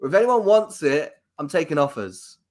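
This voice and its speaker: A man's voice: fairly high pitch, big pitch swings, normal speed. A man from London with a London accent co-hosting a casual sports chat, rambling through jokey rants. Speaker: podcast co-host.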